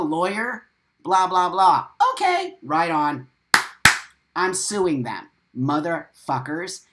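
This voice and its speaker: A man hosting a live-stream monologue, swearing often and repeating phrases for emphasis in a defiant, forceful rant. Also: on the high side. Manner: profane, emphatic ranting. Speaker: host.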